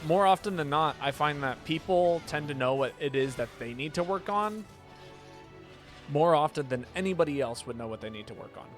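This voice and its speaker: A man's voice: a little high, lively intonation, normal speed, soft background music. A man streaming a game and chatting casually, rambling with lots of restarts and filler phrases. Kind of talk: casual chat while gaming.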